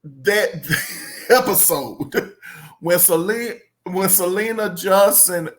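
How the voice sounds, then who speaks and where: A woman hosting a casual chat, animated and laughing often as she draws out emphatic phrases. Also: lowish voice, takes it slowly. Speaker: podcast host.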